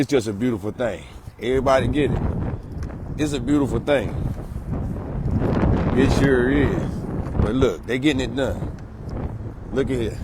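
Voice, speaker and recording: A man's voice: medium pitch, a little hiss or hum. Hyped man streaming live outdoors. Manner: hyped, repetitive shout-outs and slogans. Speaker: solar sales promoter. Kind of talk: live outdoor promo vlog.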